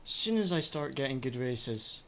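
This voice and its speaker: A man's voice: medium pitch, animated, normal speed, fairly bright tone, a little hiss or hum. A man streaming a racing sim live, ranting in frustration at his own races as he plays. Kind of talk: live gameplay commentary.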